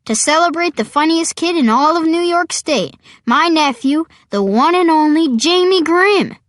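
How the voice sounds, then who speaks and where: Jolly festive uncle, put on by a woman, loud announcing manner, raised pitch, dry close recording. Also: moderate pace, no echo, close to an everyday voice. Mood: celebratory. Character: jolly generous uncle, middle-aged, festive.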